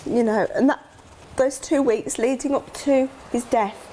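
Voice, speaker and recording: A woman's voice: a little high, steady tone, a little slow, mellow, slight background noise. A middle-aged woman, a grieving mother, talking candidly and emotionally in an interview, acting out remembered dialogue with sudden gasps.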